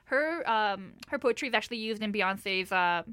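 Young woman cohosting radio chat, bright voice, dead dry sound, lots of likes and ums. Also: medium pitch, animated, normal speed, clean tone, no room sound. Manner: easygoing, lots of fillers, brief agreeing interjections. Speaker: radio show co-host. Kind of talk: casual discussion.

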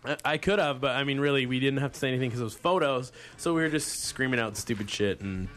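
A man's voice: medium pitch, fast talker, a bit bright. A man co-hosting a college radio show, telling a story in loose, joking banter. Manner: laid-back, joking storyteller. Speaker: co-host.

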